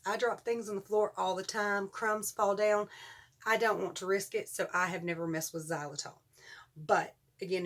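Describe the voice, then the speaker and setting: A woman in her forties with a Southern US accent, chatting excitedly to her vlog viewers and laughing often. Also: mid-range voice. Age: 40s. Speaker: vlogger. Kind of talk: casual chat to camera.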